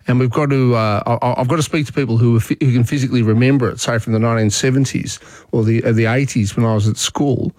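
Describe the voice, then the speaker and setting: A man's voice: mid-range voice, dry recording. A middle-aged man chats loosely on talkback radio, trailing into fillers and restarts as he thinks aloud. His voice is close and dry, with nothing of the room around it. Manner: relaxed, chatty, frequent fillers and restarts. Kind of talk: casual talkback radio chat. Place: radio studio.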